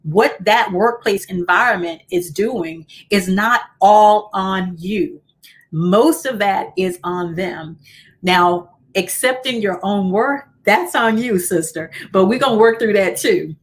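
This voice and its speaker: A woman hosting a motivational livestream as a coach, speaking encouragingly and repeating key lines slowly. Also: mid-range voice. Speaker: host and coach.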